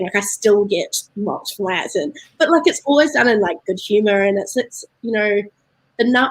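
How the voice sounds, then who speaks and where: Guest spot: New Zealand woman, husky, dry close sound, easygoing chatter. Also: medium pitch, no echo, rough recording. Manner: chatty, laughs often, many fillers. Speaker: guest from a beer importer. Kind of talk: casual video-call chat.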